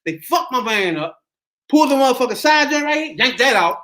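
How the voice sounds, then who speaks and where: Middle-aged podcast host guy, talks quick, pitch jumps all over acting out his story. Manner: animated, acts out voices in his story. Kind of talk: casual storytelling chat.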